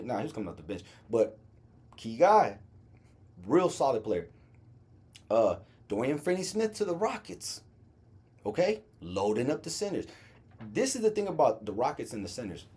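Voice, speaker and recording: A man's voice: on the high side, a little mellow, husky. A man from Las Vegas hosting a casual basketball livestream, laid-back and slangy, stumbling playfully over hard names. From Las Vegas, Nevada. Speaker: podcast host.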